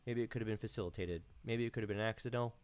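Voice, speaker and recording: A man hosting a casual live stream, talking in a relaxed, rambling way with lots of fillers, from home. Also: on the low side, very fast, smooth.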